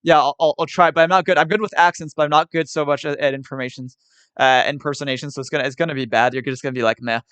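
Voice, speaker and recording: A man's voice: a little high, steady tone, rapid-fire, a bit bright, clean tone, no echo. A man chatting casually on a live stream as a guest, hesitant, often repeating words and laughing off requests. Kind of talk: casual chat.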